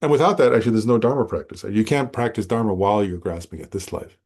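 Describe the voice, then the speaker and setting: A man teaching a Buddhist class in a relaxed, conversational way, often checking in with his listeners and correcting himself as he goes. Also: fairly low pitch, fast. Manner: conversational, self-correcting, frequent "right?". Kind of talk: informal dharma talk. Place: meditation center class.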